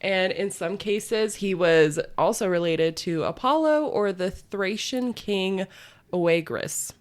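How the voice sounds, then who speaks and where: A woman's voice: medium pitch, expressive, slow. A woman co-hosting a podcast, retelling a myth in casual chat with lots of fillers and laughter. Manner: chatty, filler-heavy, laughs often. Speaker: podcast co-host.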